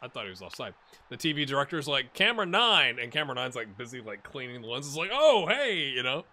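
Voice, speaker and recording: A man hosting a let's-play video, giving casual and excitable commentary as he plays and talking straight to the viewers and the players on screen. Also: mid-range voice, fast talker. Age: adult. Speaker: gaming channel host.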